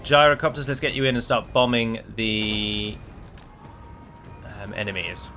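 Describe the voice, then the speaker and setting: A man's voice: fairly low pitch, a little slow, creaky, over music. A man giving casual live gameplay commentary, chatty and wry, talking to his units as he plays. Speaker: gaming video creator.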